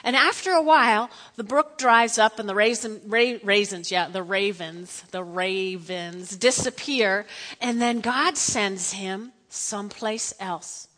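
A woman's voice: medium pitch, slow pace, fairly bright tone, big-room sound. A woman teaching a Bible lesson in a chatty, playful way, with asides to her listeners.

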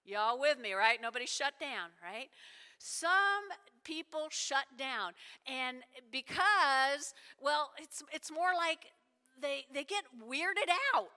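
A woman preaching a sermon, animated and conversational, asking the congregation questions. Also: high-pitched, slow. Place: church sanctuary. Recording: long reverb of a large hall.

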